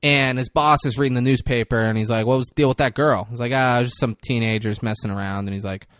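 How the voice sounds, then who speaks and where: A man co-hosting a podcast, recapping a movie in casual chat and jumping between quick voices for the characters. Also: medium pitch, dry recording, clean studio sound. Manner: animated retelling with quick voice shifts. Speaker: podcast co-host.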